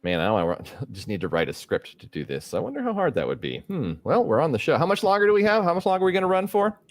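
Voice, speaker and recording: A man's voice: fairly high pitch, wildly swooping pitch, quick pace, no room sound. A middle-aged man hosting a casual live stream, thinking aloud as he works, rambling with fillers. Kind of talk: casual livestream chat while working.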